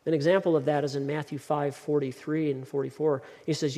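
Pastor, male, emphatic sermon delivery with repeated words; raised pitch, long hall reverb. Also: flat delivery, fairly quick, hardly any pauses, warm tone.

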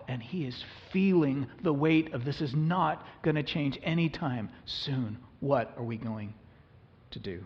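A man preaching a sermon as a pastor, earnest and emphatic, his voice rising suddenly to loud peaks. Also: medium pitch, unhurried. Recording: muffled, reverberant hall recording.

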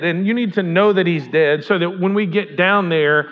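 A man whose voice sits high speaks at normal speed in a dull, lo-fi recording. He's a pastor giving a conversational sermon, retelling a story and asking the congregation questions along the way.

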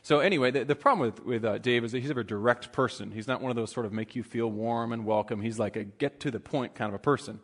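A man preaching in a relaxed, conversational manner and telling a story with plenty of restarts. His voice sits in the middle range and carries a long hall reverb. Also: medium pitch, quick pace, hardly any pauses. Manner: conversational, frequent fillers and restarts. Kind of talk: sermon with personal storytelling.

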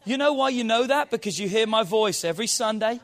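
High-voiced man preaching a lively sermon. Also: brisk. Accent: non-local accent. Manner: playful, quizzing the audience, then preaching with rising emphasis. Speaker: pastor. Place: church hall with congregation.

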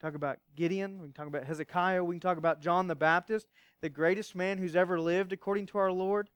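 A man pastor preaching a sermon, emphatic at times and hushed at others, asking rhetorical questions. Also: high-pitched, steady tone, fast talker, clear, resonant tone, no room sound.

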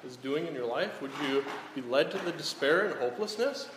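A man preaching a sermon in a church hall, asking rhetorical questions and dropping to a hush on solemn lines. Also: on the high side, lively intonation, fairly quick, a little hiss or hum. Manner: rhetorical, often tags lines with "right?". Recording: echoey hall, faint ambience.

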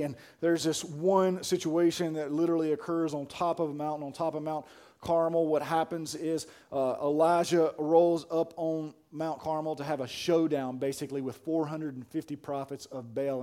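A male pastor preaching a sermon, casual and colloquial, swinging from hushed talk to shouting. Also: a little high. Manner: colloquial, says "man" and "y'all".

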